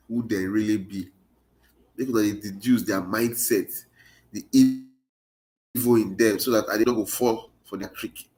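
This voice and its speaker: A man with a Nigerian Pidgin accent giving an impassioned political monologue, urging his listeners with repeated rallying phrases. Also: fairly low pitch. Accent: Nigerian Pidgin English. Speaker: political commentator.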